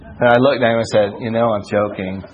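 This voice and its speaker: A man teaching a Bible study in a folksy, joking way, full of "you know" and shifts between raised preaching and low asides. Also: steady tone, fairly quick, phone-quality sound, a crowd in the background.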